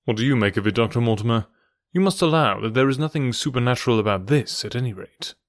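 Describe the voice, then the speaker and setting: A man reading aloud and voicing a keen, confident middle-aged detective who speaks in a measured, pointed way. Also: lively intonation, no echo, studio quality, natural voice. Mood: probing. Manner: measured, precise and pointed, voice dropped lower.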